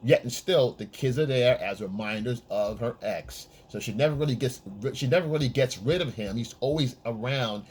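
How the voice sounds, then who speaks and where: A man's voice: medium pitch, moderate pace, few pauses, a little mellow, slight background noise. A man giving blunt, profane dating advice in a casual monologue, often checking in with the listener. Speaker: men's dating coach.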